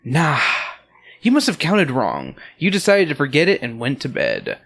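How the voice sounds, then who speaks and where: A man's voice: mid-range voice, moderate pace, vocal fry. A man hosting a podcast, reading a story aloud with crude comedic asides. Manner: animated, joking, crude asides. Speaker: podcast host and reader.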